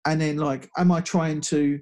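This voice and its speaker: A male guest tells a story casually, halting often and restarting his sentences amid many fillers. His voice is on the high side, level, and darkish in tone.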